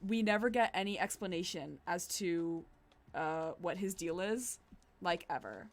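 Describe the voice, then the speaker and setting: A young woman in her twenties streaming a dating game, chatting casually, excitable and giggly, swearing now and then. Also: fairly low pitch, measured pace. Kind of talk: casual gameplay commentary.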